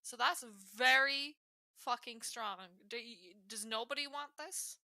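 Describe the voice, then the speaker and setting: A woman playing in a tabletop game who chats excitably and swears casually. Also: a little high, measured pace, dry recording, clean studio sound. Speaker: player.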